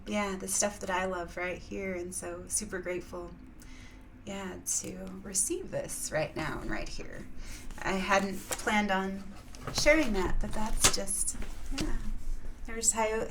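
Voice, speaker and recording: A woman's voice: medium pitch, slight background noise. A woman chatting casually in a vlog, rambling with lots of fillers and frequent laughs. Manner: rambling, laughs often, many filler yeahs. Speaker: vlogger sharing spiritual reflections. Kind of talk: casual chat.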